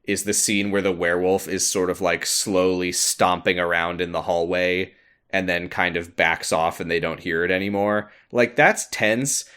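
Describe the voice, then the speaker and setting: A man's voice: deep voice, moderate pace, clean tone. A man co-hosting a podcast, chatting casually and sarcastically as he recaps a TV episode. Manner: sarcastic, animated in quoted bits. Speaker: podcast co-host.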